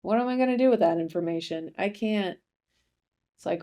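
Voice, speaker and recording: A young woman hosting a comedy podcast, rambling through a casual monologue with deadpan asides and frequent self-interruptions. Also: medium pitch, brisk, long pauses.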